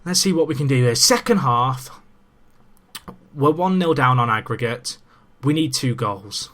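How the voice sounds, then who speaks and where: A young man in casual let's-play commentary, chatty and excitable with self-mocking asides, talking into a desk microphone. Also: mid-range voice, measured pace. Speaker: gaming commentator.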